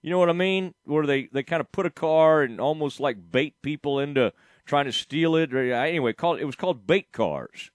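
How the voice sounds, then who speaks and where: A man's voice: fairly high pitch, lively intonation, brisk, dry recording, clean studio sound. A middle-aged man hosting a radio show, rambling casually, laughing often and talking to his producer. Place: radio studio.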